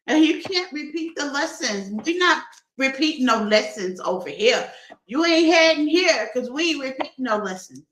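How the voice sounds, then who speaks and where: A woman's voice: high-pitched, bright, forceful tone, reverberant, low-quality recording. A woman doing a casual tarot reading for her viewers, playful and laughing often as she talks to them like friends. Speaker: tarot reader.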